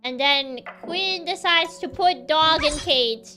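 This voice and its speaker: A woman's voice: high-pitched, slow, over music. A woman streamer giving casual, giggly game commentary, playful and laughing often.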